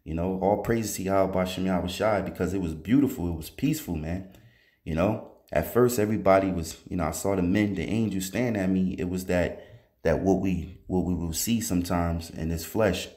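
Low-pitched man, testimony storyteller, loose rambling delivery full of "you know" and restarts. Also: moderate pace, warm tone. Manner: rambling, conversational, many fillers and restarts. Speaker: testifying believer. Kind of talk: recounting a dream as a religious testimony.

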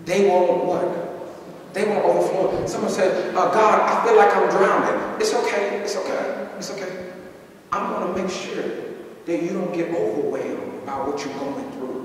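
A male pastor preaching a sermon, moving between quiet, conversational talk and high, shouted calls. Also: normal speed, slight background noise. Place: church sanctuary. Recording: echoey hall, distant mic.

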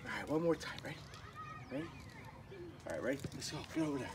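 A male dog trainer talking casually on camera while playing with a puppy, breaking into high, excited praise between calm asides. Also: fast, long pauses. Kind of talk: casual training vlog talk. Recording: distant voice with clear background noise.

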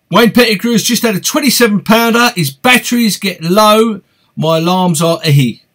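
A man with an East London accent talks in a chatty, upbeat way as he hosts a live question-and-answer stream. His voice sits high for a man. He reads out viewer comments and greets people by name. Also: fairly bright tone. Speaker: fishing channel host.

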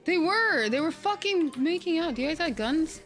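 A woman streaming a game, chatting casually, easily excited, swearing and laughing a lot. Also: extremely high pitch, moderate pace, soft background music. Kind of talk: casual live-stream gaming chat.

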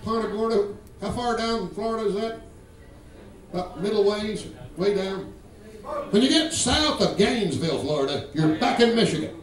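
Man with a Georgia accent, high voice, stand-up set, roomy live club sound, crowd laughing. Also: expressive, normal speed, distant mic. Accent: Southern US, Georgia. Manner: brash, profane, mimics regional accents. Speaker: stand-up comedian. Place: comedy club stage. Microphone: stage microphone. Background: audience laughter.

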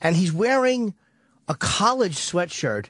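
A man's voice: high-pitched, big pitch swings, measured pace, a bit bright, dry recording. A man on a radio show rambling through a long, profane story in casual talk. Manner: profane, rambling, vivid retelling.

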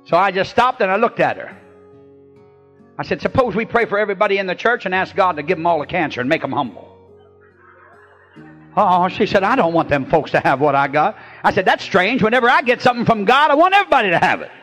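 A man, a pastor preaching a revival sermon to a congregation in church, telling folksy stories and shouting drawn-out refrains. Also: high-pitched, lively intonation, faint music behind.

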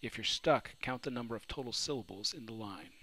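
Guy teaching poetry, asks questions then answers em, normal pitch. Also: a little fast, fairly bright tone, low-quality recording. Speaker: literature teacher. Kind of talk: recorded lecture. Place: New Orleans.

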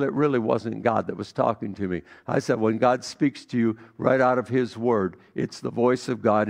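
Gravelly-voiced pastor preaching a sermon. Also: male voice, mid-range voice. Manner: storytelling, swings from hushed to emphatic.

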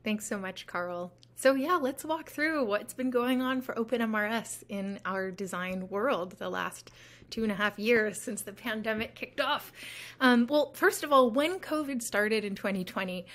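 A woman's voice: on the high side, measured pace, fairly bright tone. Woman panelist speaking at a discussion. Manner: articulate, many fillers.

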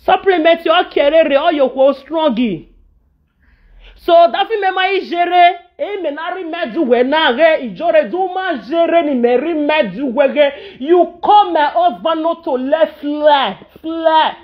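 This social media personality, a woman with a Nigerian accent, talks to camera in a high voice at a slightly slow pace, and the audio sounds dull. Her monologue is emotional, swinging between pleading and ranting, with chanted passages in a local language.

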